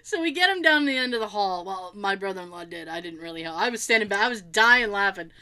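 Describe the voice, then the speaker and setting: A woman's voice: medium pitch, lively intonation, fast, bright, forceful tone. A middle-aged woman telling a funny family story in casual chat, acting out the quotes and laughing often.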